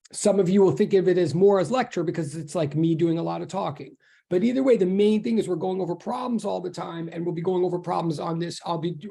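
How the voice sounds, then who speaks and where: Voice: mid-range voice, creaky, dark tone. A physics instructor on a video call gives a casual, rambling introduction to the class, with many restarts.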